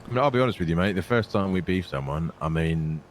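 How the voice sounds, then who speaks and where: A man speaks in character in a role-play game as a scheming intelligence operative. His voice sits very low, and his delivery is sly and dry. A faint hiss runs behind him. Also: expressive, quick pace.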